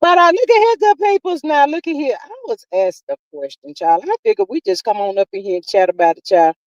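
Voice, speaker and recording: A woman's voice: on the high side, lively intonation, a little fast, darkish tone, no echo, muffled recording. Folksy woman host on a dry mic. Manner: folksy, calls listeners "child" and "honey". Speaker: livestream host. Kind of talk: casual livestream chat, reading viewer comments.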